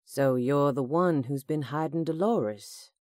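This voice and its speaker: A woman's voice: deep voice, a little slow, darkish tone, no echo, clean studio sound. A woman voicing a menacing male villain with a Southern accent, who speaks in a casual drawl and erupts into screams. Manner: friendly drawl turning to screams.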